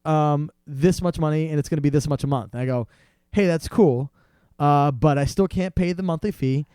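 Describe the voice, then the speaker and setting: A young male podcast guest with a fairly high, clear, resonant voice tells a long story at a fairly quick pace in casual chat. The studio-quality recording has no room sound, and he animatedly acts out salesmen's voices in quotes.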